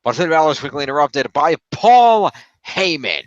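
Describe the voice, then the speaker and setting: A man co-hosting a casual podcast, summarizing the week's wrestling in quick run-on sentences and swearing offhandedly. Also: fairly high pitch, very animated, dry recording, muffled recording. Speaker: podcast co-host recapping wrestling. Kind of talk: casual recap chat.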